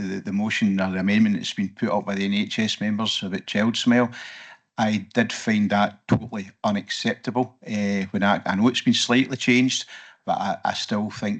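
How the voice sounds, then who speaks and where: A Scottish man speaking as a councillor at a board meeting, measured and often repeating words as he goes. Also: lowish voice, fairly even intonation. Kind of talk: formal meeting speech.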